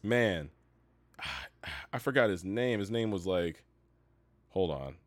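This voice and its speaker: A young man co-hosting a casual podcast, animated and laughing, often stopping to say "hold on". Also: low voice, slow pace, dry recording. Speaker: podcast co-host. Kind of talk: casual chat.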